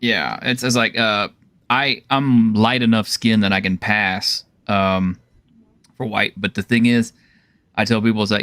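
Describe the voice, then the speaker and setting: A man in a casual discussion who talks in a laid-back way, animated and a bit profane. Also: on the low side, unhurried, no room sound. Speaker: panel guest.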